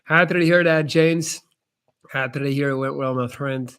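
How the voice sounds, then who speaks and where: A man's voice: mid-range voice, steady tone, normal speed, a bit bright, clear, resonant tone. A young man hosting a casual live-stream chat, answering viewers' questions in a blunt, laid-back way and calling people "man".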